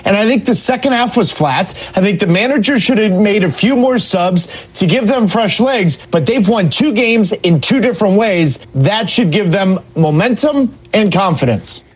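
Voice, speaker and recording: A man's voice: sits high, expressive, moderate pace, few pauses, slightly rough. A man giving studio soccer analysis in an emphatic, opinionated way.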